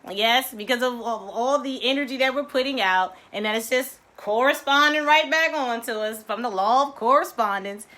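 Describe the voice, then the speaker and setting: A middle-aged woman from Baltimore, a mindfulness coach giving an animated motivational talk to her viewers, laughing often and swooping in pitch. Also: moderate pace, hardly any pauses. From Baltimore, United States.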